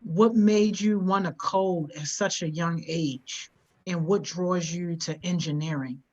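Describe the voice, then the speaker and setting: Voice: medium pitch, takes it slowly. Laid-back youth mentor hosting a live stream, cheering the guest on, kinda muffled call sound. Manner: encouraging, relaxed and direct. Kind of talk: casual live-stream chat.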